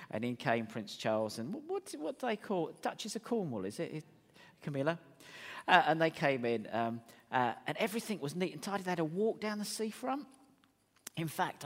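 A man preaching a sermon as pastor, chatty and animated, with wry asides. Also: medium pitch. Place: church hall. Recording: long hall reverb.

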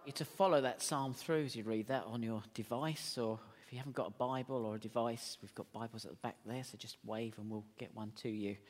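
A man preaching a sermon as pastor, chatty and animated, with wry asides. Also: mid-range voice, brisk, few pauses. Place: church hall. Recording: long hall reverb.

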